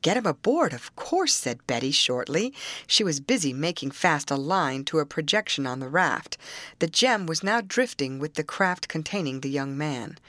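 A woman narrating an audiobook in an expressive storytelling manner. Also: deep voice, normal speed, dry recording. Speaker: audiobook reader.

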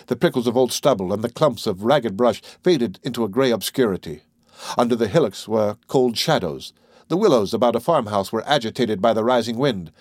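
A man narrating an audiobook in a measured, unhurried way. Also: medium pitch, darkish tone, no room sound, clean studio sound.

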